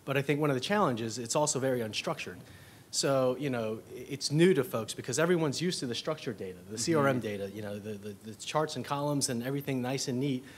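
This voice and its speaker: A man in the middle pitch range, speaking on a conference panel. He pauses, restarts and leans on fillers while he thinks aloud. Faint room ambience is behind him. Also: a little hiss or hum. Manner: hesitant, many you-knows and restarts.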